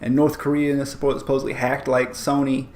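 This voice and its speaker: A man's voice: mid-range voice, flat delivery, brisk, darkish tone, roomy sound. A man co-hosting a podcast in casual chat, rambling with many restarts and fillers. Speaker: podcast co-host.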